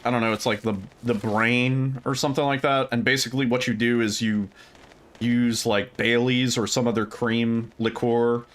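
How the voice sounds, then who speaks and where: A man's voice: medium pitch, fairly even intonation, moderate pace, a bit bright. A young man livestreaming, chatting casually with viewers, rambling with fillers, laughing often and swearing freely.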